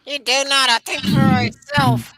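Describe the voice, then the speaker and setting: Cheeky Southern ventriloquist puppet: high and bright, sassy backtalk. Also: male voice, flat delivery, no room sound, full character voice. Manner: cheeky, quick comebacks. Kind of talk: ventriloquist comedy bit.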